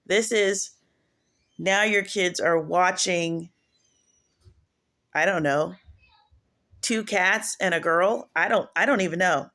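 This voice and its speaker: A woman's voice: fairly low pitch, takes it slowly, long pauses, a bit bright. A woman preaching casually in a home video, rambling and digressive, often restarting her sentences. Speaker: online prophetess.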